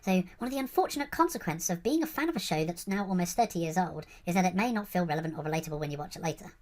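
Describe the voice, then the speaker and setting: A man's voice: sits high, lively intonation, very fast, pitched above the performer's own voice. A man putting on the voice of a prissy, easily offended woman reading an article aloud, in a mocking sing-song.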